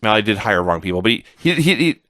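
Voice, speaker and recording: A middle-aged man co-hosting a wrestling podcast, telling stories in an animated, sarcastic way. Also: lowish voice, fast talker. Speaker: podcast co-host. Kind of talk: casual wrestling review chat.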